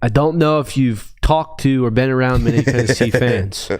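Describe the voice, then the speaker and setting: A man's voice: medium pitch, moderate pace, a little mellow. A man with a mid-range voice co-hosts a sports podcast, teasing and skeptical in his comments. He sounds dry and close to the mic, with no room echo. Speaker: podcast co-host. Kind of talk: casual sports talk.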